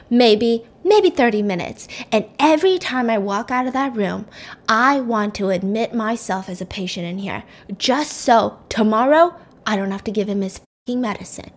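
A woman's voice: a little high, lightly acted. A woman voicing an older, always-angry head nurse who scolds bluntly and swears.

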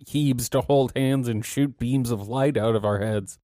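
A man's voice: medium pitch, a little slow, mellow, no echo. Man, podcast co-host, casual, crude jokes, laughs often, dry sound. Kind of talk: casual chat.

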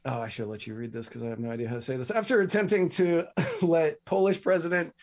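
A man's voice: on the high side, fast, darkish tone. American guy cohosting a podcast, dry wry remarks, reads out news. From United States. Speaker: podcast co-host. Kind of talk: casual chat, reading out news.

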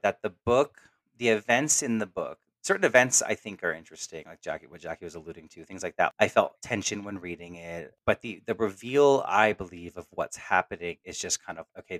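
A man's voice: on the low side, a bit bright, dry recording. A man co-hosting a casual podcast roundtable, rambling with lots of fillers and restarts. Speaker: podcast co-host.

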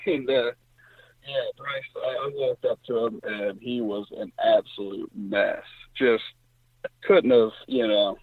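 A man's voice: slow pace, breathy edge, dry recording. Man telling a hunting story over the phone. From Indiana. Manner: animated storyteller, voice jumps high when quoting others. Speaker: guest hunter. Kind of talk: casual storytelling. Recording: tinny phone line.

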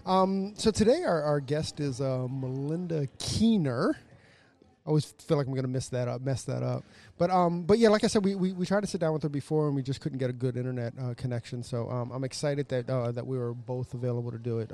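Upbeat podcast host man, dark tone. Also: medium pitch, a little fast. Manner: upbeat, joking, laughs often. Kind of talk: casual chat.

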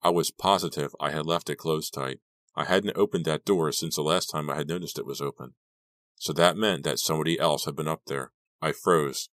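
A man reading a teen horror audiobook aloud, narrating in the first person with a steady, measured pace. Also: very deep voice, dry recording, clean studio sound. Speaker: audiobook reader.

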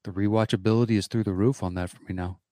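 A man's voice: fairly low pitch, steady tone, fast talker, warm tone, no room sound. Sarcastic guy ribbing his podcast buddy, swears a lot, dry sound. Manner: sarcastic, teasing, swears freely. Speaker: podcast co-host. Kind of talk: casual movie chat.

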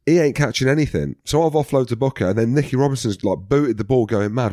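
A man co-hosting a podcast, telling stories in a cheeky, deadpan way. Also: mid-range voice, fast talker, no room sound, clean studio sound. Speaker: podcast co-host, former rugby player. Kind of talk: casual chat.

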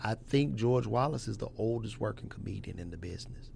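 A man talking as a comedian guest on a podcast, animated, joking and swearing in casual chat. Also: fairly low pitch, a little fast, vocal fry, slight background noise.

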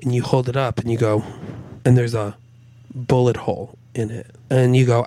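A man's voice: mid-range voice, moderate pace, dry recording. A man co-hosting a comedy podcast, telling an improvised comic story and acting out the voices in it. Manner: animated, acts out voices in his story. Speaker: podcast co-host.

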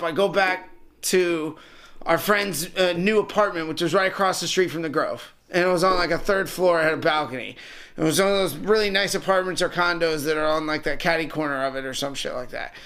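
A man's voice: high voice, normal speed, pushed and bright. A young man casually telling a rambling, profane story to friends, laughing as he goes. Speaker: podcast co-host telling a story.

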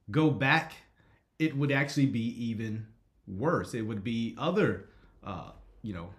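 Man, stream host, casual chat, mid-pitched, echoey room. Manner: conversational, frequent "right?" checks, reads chat. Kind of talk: live stream commentary.

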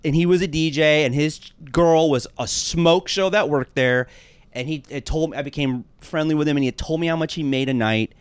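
A man's voice: a little high, brisk, smooth, no echo. A man who hosts a podcast and does stand-up comedy, chatting casually with crude jokes and eager asides. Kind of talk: casual chat.

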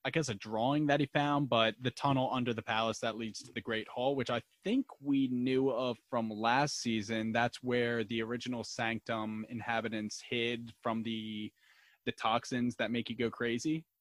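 A man's voice: medium pitch, flat delivery, moderate pace, no room sound. A man co-hosting a casual podcast, enthusiastically recapping and discussing a TV episode with friends. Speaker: podcast co-host.

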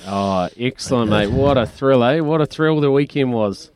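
Smooth-voiced New radio host. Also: male voice, mid-range voice, normal speed, darkish tone. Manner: chummy, says mate often. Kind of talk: radio sports interview.

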